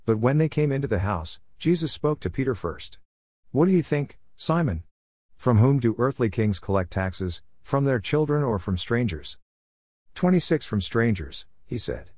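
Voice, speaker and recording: A man reading scripture aloud in a measured way, announcing each verse number. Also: mid-range voice, lively intonation, a little mellow, no echo, studio quality. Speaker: Bible reader.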